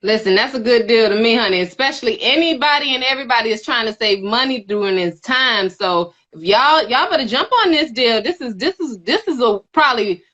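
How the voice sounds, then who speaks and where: High bright-voiced enthusiastic host woman. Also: expressive, fairly quick, few pauses, highs cut off. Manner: enthusiastic, folksy, says "y'all" and "honey". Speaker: interview host. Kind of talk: live social media interview. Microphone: live video call.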